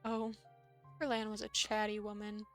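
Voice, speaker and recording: A woman's voice: mid-range voice, monotone, soft background music, close to an everyday voice. A woman playing a gracious, knowing older lady. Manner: gentle, polite, unhurried.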